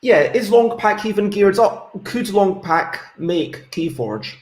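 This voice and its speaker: A man hosting an online interview in a relaxed, halting way. He often pauses on "um" before his questions. His voice comes across roomy and echoey. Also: sits high. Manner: relaxed, hesitant, frequent "um"s. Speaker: show host, interviewer. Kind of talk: casual interview chat. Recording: roomy echo.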